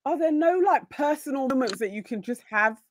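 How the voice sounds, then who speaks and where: A mother of boys in a casual chat, reasoning things through out loud in a thoughtful way. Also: sits high, expressive, fairly quick, a little hiss or hum.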